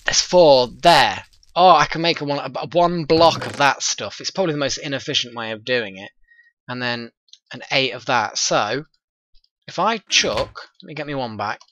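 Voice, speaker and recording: A man casually commenting on his own gameplay, thinking aloud in a chatty, excitable way. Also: medium pitch, moderate pace, slight background noise. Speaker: let's play host.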